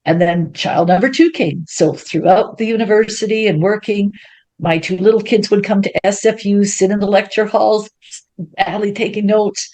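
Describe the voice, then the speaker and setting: A woman, an interview guest telling her life story in a lively way and acting out what people said. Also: mid-range voice, normal speed. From Ontario, Canada. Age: 70s. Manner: animated, acts out quoted speech in a raised voice.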